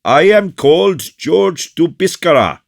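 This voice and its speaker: A man's voice: fairly high pitch, big pitch swings, measured pace, vocal fry, no echo, clean studio sound, pitched above the performer's own voice, full character voice. A man voicing a polite, gallant young male officer, reading in an eager, courteous manner.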